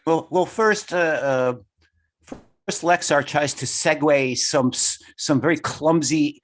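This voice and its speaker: A man's voice: a little high, slow. A man in a casual podcast chat, talking hesitantly with many fillers.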